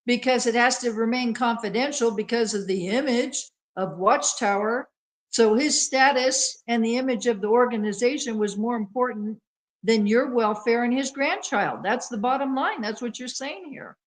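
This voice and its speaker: A woman's voice: on the high side, normal speed. A woman co-hosting a talk show, earnest and explanatory, who calls people honey. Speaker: co-host. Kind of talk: casual talk show commentary.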